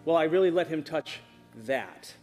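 A man preaching a sermon as pastor in a church auditorium, animated and emphatic, on a stage microphone. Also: a little high, normal speed. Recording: reverberant hall with music behind.

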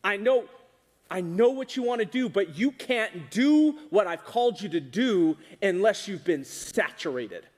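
A man preaching a sermon to a congregation, animated and often asking them questions. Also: high voice, measured pace. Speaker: pastor. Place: church hall with congregation. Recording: reverberant hall.

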